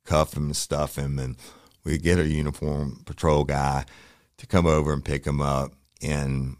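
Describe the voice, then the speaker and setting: A rumbling, extremely low male voice, spinning a cop story in a loose, rambling way. He swears freely and acts out the lines of the people in it. The sound is close and dry, with no room around it. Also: flat delivery, a little slow, no room sound. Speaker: police officer telling a war story. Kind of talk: casual spoken storytelling.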